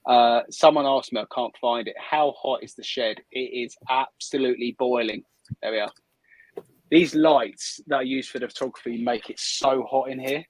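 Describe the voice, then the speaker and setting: Chatty man, husky dry voice. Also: medium pitch, moderate pace, no room sound, poor audio. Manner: chatty, upbeat, thinks aloud. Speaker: live-stream host. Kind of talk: casual chat while working. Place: hot shed under photography lights.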